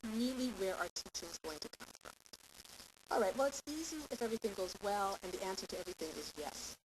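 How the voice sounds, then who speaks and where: A woman teaching a parenting class in an animated, explanatory way, checking in with "okay" often. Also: mid-range voice, fast. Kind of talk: lecture. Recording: hissy amateur recording.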